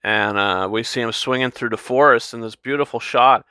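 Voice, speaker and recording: A man talking through a movie he loved, full of ums, restarts and eager asides. His voice is bright and forward, sitting at an average pitch. The sound is dry and close, with no room around it. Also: moderate pace, clean tone, no echo. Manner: enthusiastic, rambling with fillers and restarts. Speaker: movie reviewer. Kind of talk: casual spoken film review.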